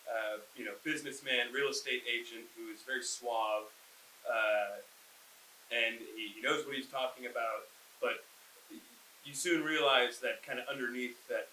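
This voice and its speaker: A man's voice: mid-range voice, pushed and bright, distant mic, slight background noise. A young man, a stage actor, earnestly describing his characters, often stumbling over words. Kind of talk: casual interview. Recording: echoey room, from off mic.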